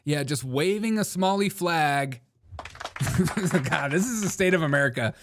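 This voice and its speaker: A man's voice: on the high side, expressive, measured pace, noisy background. Laughing mocking male show host. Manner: mocking, laughs often, calls people dude. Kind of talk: casual live commentary show.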